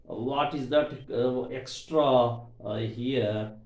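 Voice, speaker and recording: A man with an Indian English accent teaching an English lesson, repeating words slowly and stressing their syllables. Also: mid-range voice, darkish tone. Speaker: English lecturer. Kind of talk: classroom grammar lesson. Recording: echoey room.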